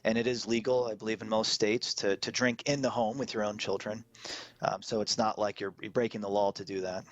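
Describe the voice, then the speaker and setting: A man guesting on a radio show as an author, explaining his points calmly. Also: fairly low pitch, a little fast, lo-fi sound. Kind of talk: radio interview.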